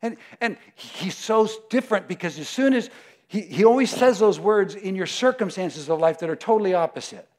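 A male preacher delivering a lively, chatty sermon, laughing as he goes and slipping into other voices. His voice sits fairly high for a man, and he swings from quiet asides to loud, excited bursts. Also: normal speed. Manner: animated and conversational, often laughing, acting out voices.

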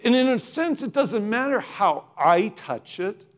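A man giving an emotional personal testimony, halting and full of restarts as he recalls the moment. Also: sits high, very animated. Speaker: speaker sharing a testimony.

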